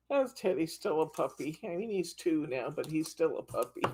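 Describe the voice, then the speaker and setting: A woman's voice: low voice, background noise. A woman leading a live-streamed card-making class, chatting and telling stories with frequent giggles. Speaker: craft class instructor.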